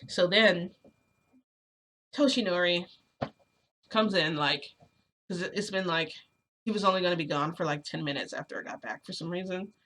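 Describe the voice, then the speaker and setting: A woman narrates a casual storytime vlog in a rambling way, leaning on filler words. Her voice sits low but sounds bright and sharp. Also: normal speed, long pauses, slight background noise. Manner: rambling, lots of fillers like "like" and "you know". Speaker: storytelling vlogger.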